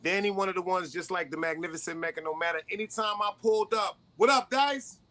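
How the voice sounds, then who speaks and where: A man hosting his own live stream show. He talks quickly in a higher register, hyping up his guests and shouting them out. His delivery is casual and full of energy. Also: steady tone. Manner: hyped, shouts people out. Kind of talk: casual chat.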